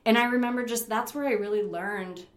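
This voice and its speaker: A middle-aged woman from upstate New York telling stories in a casual interview, animated, laughing often and using lots of fillers. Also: a little high, brisk, roomy sound. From Rochester, New York. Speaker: interview guest, rock climber.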